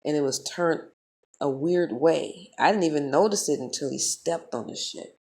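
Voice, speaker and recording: A low-pitched woman tells a story straight to her audience. She talks in a heated, profane and animated way, in the loose flow of a casual vlog. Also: moderate pace. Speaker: vlogger.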